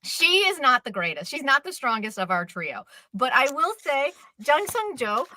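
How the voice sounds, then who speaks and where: A woman co-hosting a casual chat about dramas, talking in an animated, gushing way with quick asides. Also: high-pitched, slight background noise. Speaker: co-host.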